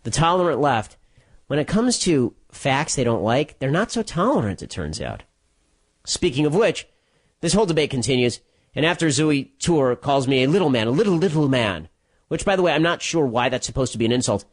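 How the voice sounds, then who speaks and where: Sarcastic man with a lively voice. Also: medium pitch. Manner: sarcastic, mocking asides; quick storytelling with repeated restarts. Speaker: political commentator. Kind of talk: solo commentary monologue.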